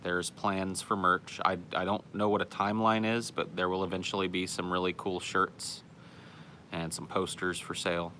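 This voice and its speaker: A man's voice: low voice, little pitch movement, normal speed, bright, forceful tone, slight background noise. A man hosting a podcast, reading out listener comments in casual chat with a sarcastic, profane, offhand manner.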